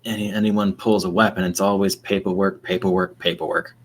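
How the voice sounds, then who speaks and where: A man's voice: deep voice, level tone, brisk. A man playing a tabletop game, speaking in character in a laid-back, easygoing way. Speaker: player.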